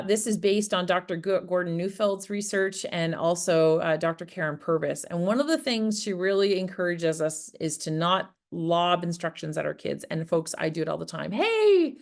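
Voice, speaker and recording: In a lowish voice at normal speed with few pauses, a woman runs an interactive online workshop on farmer wellbeing in Prince Edward Island, Canada. She engages listeners by questioning them and acting out example phrases.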